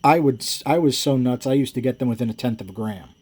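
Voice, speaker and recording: Talking fast in a mid-range, slightly mellow voice, an engine builder describes what he does. His loose shop talk wanders off into stories and is sprinkled with chuckles and frequent self-corrections.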